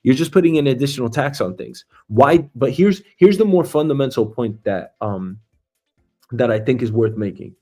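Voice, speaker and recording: Profane rambling male streamer with lively pitch. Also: soft background music. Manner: profane, rambling, acts out scenes with big pitch jumps and drawn-out words. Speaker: show host. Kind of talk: casual livestream monologue.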